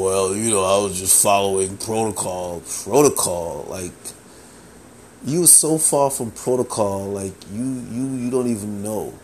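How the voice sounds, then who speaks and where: New guy ranting on his podcast, low voice, cussing a lot, faint room hum. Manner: animated, profane, repeats filler phrases. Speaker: podcast host. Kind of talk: casual solo commentary.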